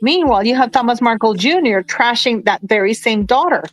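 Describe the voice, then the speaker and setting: A woman's voice: fairly high pitch, lively intonation, soft background music, low-quality recording. A woman talking in a casual livestream chat, emotional and indignant, often stumbling and restarting her sentences. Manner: halting, many restarts, tearful and indignant. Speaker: commentator on a livestream.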